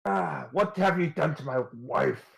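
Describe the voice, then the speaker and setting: A man voicing a furious, hulking husband who bursts out in loud, frantic cries. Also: fairly high pitch, expressive, a little slow, creaky, heavily acted.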